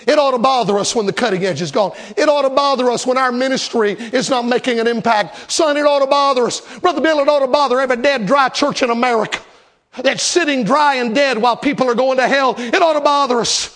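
A man's voice: extremely high pitch, fast, fairly bright tone. A man preaching a revival sermon as a Baptist preacher, emphatic and dramatic, repeating lines for effect.

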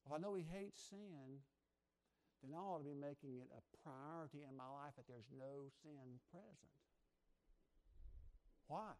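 A man in his sixties preaching a sermon in a church, energetic and fast-talking, moving between quiet personal reflection and loud exhortation. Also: sits high. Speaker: pastor. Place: church sanctuary.

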